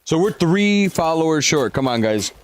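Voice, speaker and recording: A man's voice: on the high side, very animated, moderate pace. A young man on a live stream, chatting casually with viewers and walking them through a game, swearing now and then as he hypes them up.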